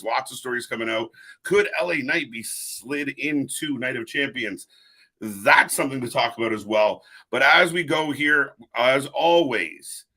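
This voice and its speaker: An upbeat man hosts a live wrestling stream and chats easily with his viewers. His voice is bright and forward at a middling pitch, and he talks casually into a desk mic, calling out chatters by name. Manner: upbeat, greets chatters by name, reads chat aloud. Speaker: host of a live wrestling watch-along stream.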